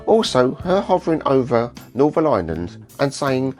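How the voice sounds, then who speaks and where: A man's voice: medium pitch, expressive, moderate pace, faint music behind. A British man hosting a reaction commentary, blunt and mocking in tone. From United Kingdom. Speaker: host.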